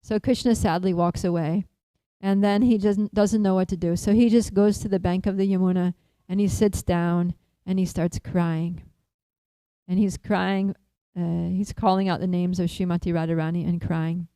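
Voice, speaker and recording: Mellow-voiced woman telling a devotional story. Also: on the low side, normal speed, clear, resonant tone, dry recording, rough recording. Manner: animated, laughs often, many fillers. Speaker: speaker at a temple feast.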